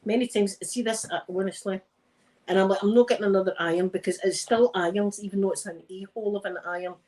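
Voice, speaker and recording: A woman's voice: mid-range voice, steady tone, fairly quick, a little mellow, poor audio. A Scottish woman chatting on a live stream while she irons, telling rambling stories and laughing often. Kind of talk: casual chat while ironing.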